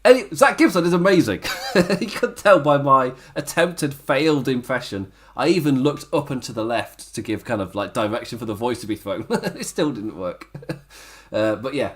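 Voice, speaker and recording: A man with a worn-out, hoarse throat, co-hosting a casual wrestling review podcast and laughing often. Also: medium pitch, animated, normal speed, fairly bright tone. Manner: laughs often, chatty and self-mocking. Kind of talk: casual chat.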